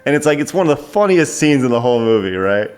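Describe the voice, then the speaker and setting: A man chatting excitedly as a guest film reviewer, rambling with frequent restarts. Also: mid-range voice, fast, clean tone. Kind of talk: casual film review chat.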